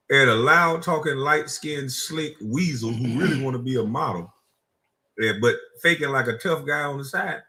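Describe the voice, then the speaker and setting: Bright, mocking South Carolina man. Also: medium pitch, normal speed. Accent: Gullah Geechee, South Carolina. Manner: mocking, combative, laughs at his own insults. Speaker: streamer host. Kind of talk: heated reaction stream.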